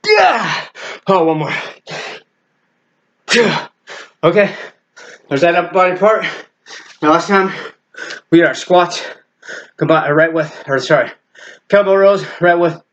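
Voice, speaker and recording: A martial arts fitness instructor talks his class through a workout while doing every move himself. He counts reps out loud and calls out his strikes as he punches. He sounds out of breath as the session goes on. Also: a little high.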